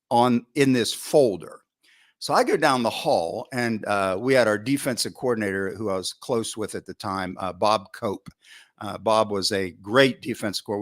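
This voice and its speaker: A middle-aged football coach, a podcast guest, telling coaching stories in an animated way and acting out his own past thoughts, with frequent restarts and "you know" fillers. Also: on the low side. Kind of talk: storytelling in a podcast interview.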